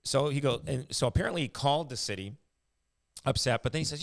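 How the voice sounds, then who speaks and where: A man's voice: mid-range voice, lively intonation, fast, creaky. A man chatting casually as a podcast host, rambling with lots of fillers and restarts. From Canada. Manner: rambling, many fillers and restarts, laughs often. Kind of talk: casual chat.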